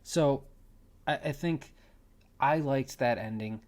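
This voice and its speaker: A man's voice: mid-range voice, slow, darkish tone. A man giving a casual spoken movie review, rambling, repeating himself and laughing now and then.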